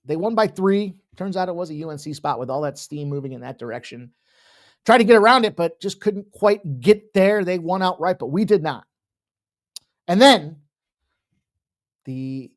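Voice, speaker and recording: Excitable man hosting a betting show. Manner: excitable, swings between loud bursts and low asides. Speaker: sports betting show host. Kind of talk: casual solo show talk. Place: home office.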